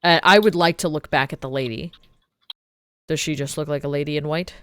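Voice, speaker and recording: A woman's voice: deep voice, fairly quick, fairly bright tone, smooth, dry recording, clean studio sound. A woman playing a tabletop game, chatting casually and directing the party's moves. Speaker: player.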